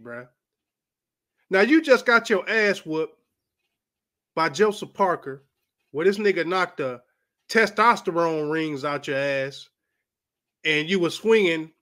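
High, bright-voiced man ranting bluntly. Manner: blunt, profane, heated. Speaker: boxing commentator. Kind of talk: ranting commentary vlog.

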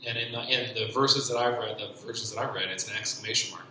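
A man giving a personal faith testimony at church, speaking haltingly with many restarts and repeated fillers. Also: on the low side, steady tone, pushed and bright, a little hiss or hum. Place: church hall. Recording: very echoey church hall.

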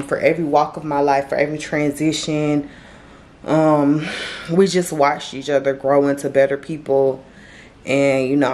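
Woman, late 20s, vlogger. Low, tearful, halting talk straight to camera; slight background noise. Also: a little mellow. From Florida, US. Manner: emotional, halting, many fillers and restarts. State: grieving, tearful. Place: indoors, on her bed.

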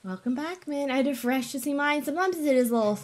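A young woman talks fast in a high, expressive voice while live-streaming a game. She chats playfully with viewers and reacts with gasps, giggles and silly sounds.

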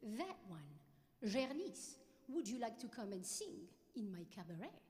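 A woman's voice: fairly high pitch, big pitch swings, a little slow, a little mellow, in a large hall, pitched below the performer's own voice. A woman voicing a dashing, well-dressed man who owns a cabaret, persuasive and a bit scolding. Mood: coaxing.

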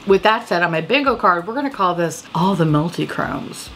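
Animated, foul-mouthed woman gushing about makeup. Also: lowish voice, moderate pace, a little hiss or hum. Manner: animated, swearing, laughing, drinking. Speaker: beauty video host. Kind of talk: casual, profane makeup chat.

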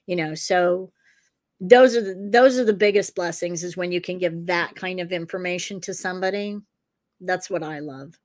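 A woman's voice: mid-range voice, steady tone, moderate pace. Her voice sits in a middle register. She is a woman guest on a video call who tells her case stories loosely. She drifts between asides and fillers, then picks the thread back up. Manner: rambling, circling back with fillers. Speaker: psychic detective and author. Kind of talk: casual interview storytelling.

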